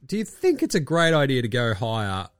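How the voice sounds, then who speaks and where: A man's voice: medium pitch, big pitch swings, normal speed, no echo, studio quality. A man hosting a casual sports podcast, ranting and swearing a lot while sick and coughing. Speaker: podcast host.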